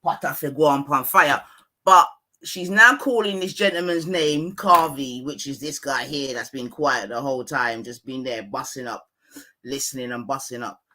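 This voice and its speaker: A man with a London accent hosting a live stream. His commentary is casual and full of slang, and he gets loud and animated. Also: medium pitch, moderate pace.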